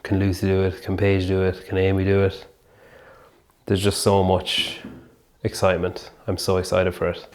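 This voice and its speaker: Rambling man with a low voice. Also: completely flat delivery, moderate pace. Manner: rambling, heavy use of "like". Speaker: podcast host. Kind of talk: casual vlog chat.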